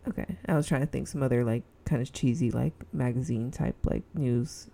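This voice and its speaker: Low, gravelly Southern Californian woman. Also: a little fast, warm tone. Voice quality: says her voice sounds snobby. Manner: rambling, giggly, lots of fillers. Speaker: podcast host. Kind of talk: casual solo podcast chat. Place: indoors at home with a heater on.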